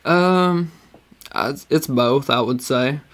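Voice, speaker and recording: A man's voice: mid-range voice, takes it slowly, fairly bright tone. A man co-hosting a podcast, telling stories in a loose, profane, rambling way. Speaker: podcast co-host. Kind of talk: casual chat.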